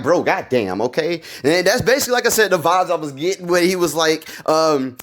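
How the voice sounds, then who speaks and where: Hyped up guy rambling thru a show recap, slangy, kinda high voice. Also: fairly quick, few pauses. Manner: excited, slangy, rambling with many fillers. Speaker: video creator recapping a TV episode. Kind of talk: casual theory recap vlog.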